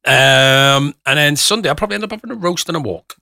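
Male radio host, teasing studio banter, very bright and lively, dry sound. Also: on the high side, fast, creaky, dry recording. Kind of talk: casual on-air banter.

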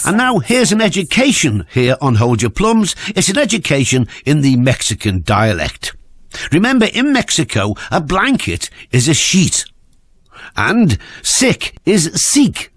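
A man reciting a comic rhyme as a radio announcer, his pitch swooping widely in a sing-song way. The voice is husky and close, with a very dry sound. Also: wildly swooping pitch, unhurried, a bit bright, dry recording.

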